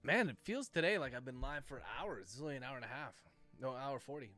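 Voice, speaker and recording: A novelist with a bright, forceful, mid-range voice talks fast and expressively, faint music playing behind him. He dictates his book aloud, speaking the punctuation, while chatting casually and swearing freely with livestream viewers.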